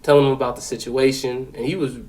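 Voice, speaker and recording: A young man in his twenties telling a personal story, animated and profane, with lots of fillers. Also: medium pitch, quick pace, poor audio. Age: 20s. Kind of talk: casual spoken storytelling.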